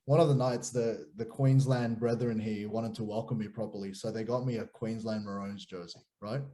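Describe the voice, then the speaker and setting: A man in his thirties with an Australian accent, a pastor guest chatting casually and telling animated stories with many restarts. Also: lowish voice, normal speed. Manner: animated storyteller, repeats and restarts words. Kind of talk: casual chat.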